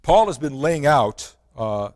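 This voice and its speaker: A male pastor delivering a sermon with earnest conviction, often posing rhetorical questions to his listeners. His mid-pitched voice rings out with a long reverb tail, as if filling a large hall. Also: very animated, takes it slowly, darkish tone.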